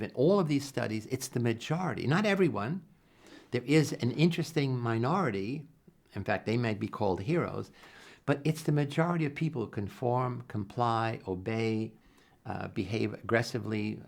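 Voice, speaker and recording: An older man, a psychologist, answering interview questions in an earnest, animated way, acting out quoted dialogue and often restarting his sentences. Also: mid-range voice, moderate pace, creaky. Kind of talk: reflective interview storytelling.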